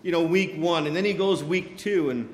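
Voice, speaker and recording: Animated man preaching in an echoey hall. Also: fairly high pitch, normal speed, a little hiss or hum. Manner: animated storytelling with quoted voices, many fillers. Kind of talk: sermon. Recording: echoey hall with long reverb.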